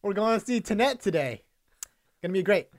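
A man's voice: sits high, lively intonation, brisk, voice pushed up. A man doing an impression of an overexcited male movie star who gushes and repeats himself. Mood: giddy. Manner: gushing, repetitive, giddy.

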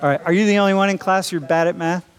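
A man's voice: high voice, fairly even intonation, rapid-fire. Joking man teaching a big class. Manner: joking, calls students dude and bro. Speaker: college instructor. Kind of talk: casual classroom banter. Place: lecture classroom.

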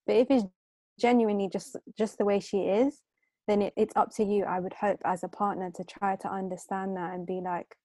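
A woman's voice: medium pitch, flat delivery, a little fast, warm tone, dry recording, clean studio sound. A young woman co-hosting a podcast, talking earnestly and frankly about feelings in relationships. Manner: earnest, opinionated, self-described as very emotional. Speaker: podcast co-host. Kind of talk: casual podcast chat.

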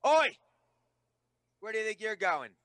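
A man voicing a gruff, hostile town thug who speaks bluntly and threateningly. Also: mid-range voice, steady tone, takes it slowly, pushed and bright, no room sound, studio quality. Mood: menacing.

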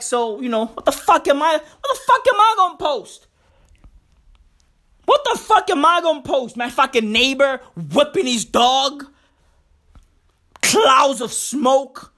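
Slow, high-voiced sarcastic woman podcaster. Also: a bit bright. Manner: profane, sarcastic and repetitive. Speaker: podcast host. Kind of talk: casual solo podcast rant.

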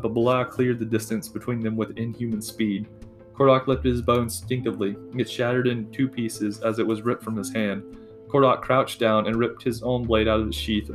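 A man reading a fantasy novel aloud at an unhurried pace, with small slips he corrects as he goes. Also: lowish voice. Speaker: audiobook narrator.

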